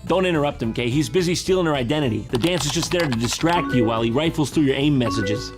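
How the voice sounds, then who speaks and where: A man's voice: medium pitch, expressive, fast, loud music behind the voice. A man giving sarcastic, mocking comedic commentary on a reality dating show.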